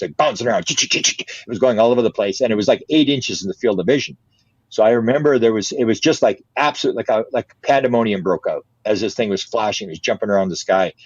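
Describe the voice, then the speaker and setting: Older male guest, lowish voice, lively storyteller, dry and slightly muffled sound. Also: no room sound. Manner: animated, repeats words, laughs often. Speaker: interview guest. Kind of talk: casual storytelling.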